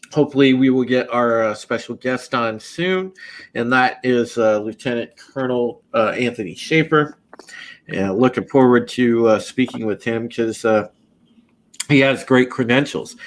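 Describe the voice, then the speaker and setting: A man with a medium-pitched, fairly bright voice hosts a podcast and opens a casual live-stream panel. His delivery is loose and chatty, full of fillers and restarts.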